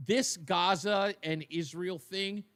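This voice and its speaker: A man's voice: high voice, steady tone, slow pace, a bit bright. A man co-hosting a talk radio show, giving emphatic, opinionated commentary.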